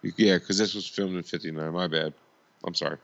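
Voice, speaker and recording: Brief: low, gravelly male co-host, lively inflection, rambling, dull lo-fi audio. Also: brisk. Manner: rambling, self-correcting, apologetic. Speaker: podcast co-host. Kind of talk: casual chat.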